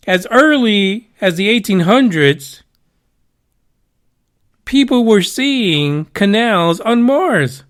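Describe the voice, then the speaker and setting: A man hosting a casual talk show, rambling with profane joking asides. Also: high voice. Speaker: podcast host. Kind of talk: casual radio show chat.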